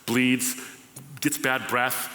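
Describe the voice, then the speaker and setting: A man's voice: medium pitch, steady tone, drawn-out words, bright, forceful tone, in a large hall. A man born and raised in the United States, telling his story to a live audience as a guest speaker, humorous and conversational, acting out old conversations. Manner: humorous, conversational, acts out past dialogues. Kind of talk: storytelling testimony at a live event. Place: church auditorium.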